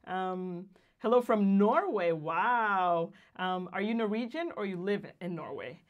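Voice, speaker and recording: A woman's voice: mid-range voice, unhurried, dull audio. A young woman from Guatemala co-hosting a casual livestream, reading viewer greetings aloud and laughing often. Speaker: co-host of a livestream.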